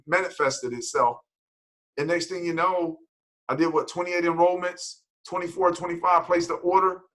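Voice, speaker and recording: A man leading a motivational team call, energetic and preachy, repeating himself for emphasis. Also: fairly high pitch, low-quality recording. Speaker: team leader.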